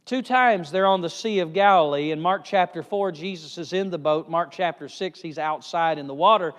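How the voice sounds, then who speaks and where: A male evangelist preaching a sermon with emphatic swings in pitch and loudness, recorded in a church hall. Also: moderate pace. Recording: reverberant hall.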